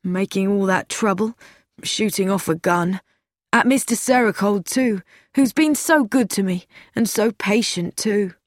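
A woman's voice: medium pitch, measured pace, dry recording, studio quality, lightly acted. A woman reading an audiobook, voicing a sad, anxious young man who pleads and pities himself. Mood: remorseful. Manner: pleading, self-pitying.

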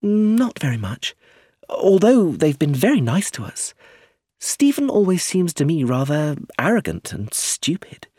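A restless young woman with a lifted, swooping voice, as a male narrator puts her on. The tone is husky and dry, close to the mic. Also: a little high, big pitch swings, unhurried, mellow, dry recording, voice pushed up, heavily acted. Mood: anxious.

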